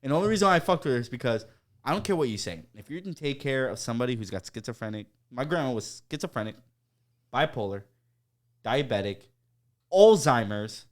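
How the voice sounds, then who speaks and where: A man talks quickly in a relaxed, casual chat, racing through stories about old coworkers. He slips into loud, high-pitched impressions of the people he describes, swears freely and laughs along. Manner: animated storyteller, acts out coworkers in loud high voices, swears a lot, laughs often. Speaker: podcast host.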